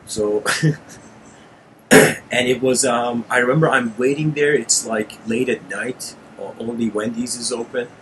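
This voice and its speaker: A man hosting his channel, telling a personal story in an animated monologue, addressing listeners as "guys" and getting heated and intense. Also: mid-range voice, slow pace, a little hiss or hum. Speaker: channel host giving a lecture.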